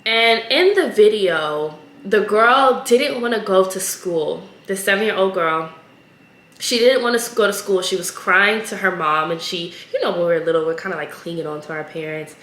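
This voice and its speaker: A woman's voice: medium pitch, moderate pace, fairly bright tone, roomy sound. A woman hosting a podcast on her own, telling a story in an earnest, emotional, casual way. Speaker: podcast host. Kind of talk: casual solo podcast talk.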